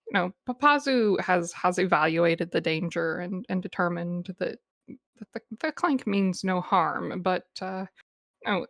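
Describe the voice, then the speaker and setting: Slow, gravelly woman narrating a game. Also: on the low side, fairly bright tone, dry recording. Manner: hesitant, many fillers. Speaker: player. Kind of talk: narrating her character in a tabletop game.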